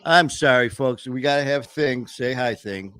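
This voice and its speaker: A man's voice: mid-range voice, normal speed, a bit bright, smooth, no echo. A man hosting a casual online talk show, talking loosely with many restarts. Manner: rambling, with many fillers and restarts. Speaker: host. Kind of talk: casual chat.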